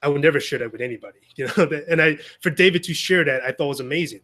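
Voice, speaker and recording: This man talks fast in a fairly high, sharp-toned voice. Delivering a casual Sunday message to a small group, he keeps it conversational, full of restarts and side remarks.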